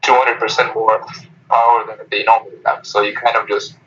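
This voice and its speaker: Young man, guest interview, hesitant with fillers, forceful bright tone. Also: lowish voice, flat delivery, brisk. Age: young adult. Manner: hesitant, many "you know" fillers and restarts. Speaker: guest, former student council member. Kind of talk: casual interview chat. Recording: dull lo-fi recording.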